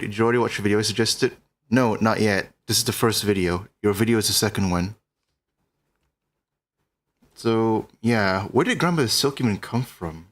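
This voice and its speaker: Low-voiced man rambling on stream. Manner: chatty and meandering, thinking aloud. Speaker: streamer reacting to videos. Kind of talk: casual reaction commentary.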